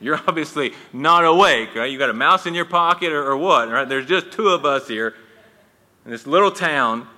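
A preacher putting on a doubtful young manservant, bright and cutting, joking, echoing hall. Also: male voice, on the high side, animated, moderate pace. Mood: skeptical. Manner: wry, joking tone. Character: young male servant, sleepy and skeptical. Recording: long reverb in a hall.

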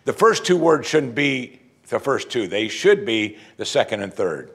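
Husky-voiced preacher, lively pitch. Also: male voice, unhurried. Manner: animated preaching, acting out quoted voices. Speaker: pastor. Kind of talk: sermon.

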